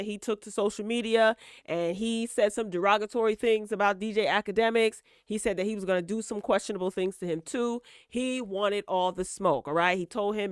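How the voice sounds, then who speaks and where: A woman's voice: mid-range voice, a bit bright, clear, resonant tone, no echo, clean studio sound. A woman giving casual gossip commentary on entertainment news, opinionated and lecturing, and often checking in with "all right?". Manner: repeats "all right?" and "okay?" as check-ins.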